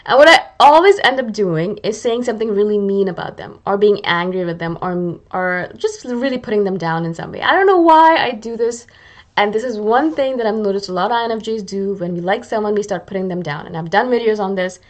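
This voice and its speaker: A woman's voice: medium pitch, lively intonation, fairly quick. Chatty self-mocking woman podcaster. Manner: chatty and self-mocking, acts out her own thoughts. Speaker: podcast host. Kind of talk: casual monologue.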